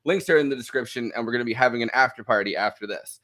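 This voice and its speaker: An American man hosts a podcast in an easygoing, joking manner. His voice sits at an ordinary middle pitch. He laughs often between his remarks. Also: racing, sharp tone. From United States. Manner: loose and jokey, laughs often. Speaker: podcast host. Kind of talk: casual podcast chat.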